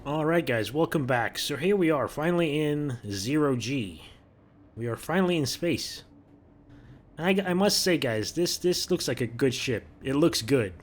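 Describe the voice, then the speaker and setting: A man's voice: fairly high pitch, lively intonation, normal speed. A man giving casual, chatty commentary over gameplay, often repeating words as he thinks aloud. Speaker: gaming video creator.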